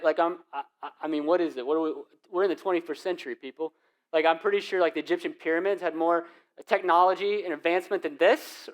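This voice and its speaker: A young adult man, the lead pastor of a church, preaching a sermon in an animated, casual storytelling way with lots of slang. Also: a little high, clear, resonant tone.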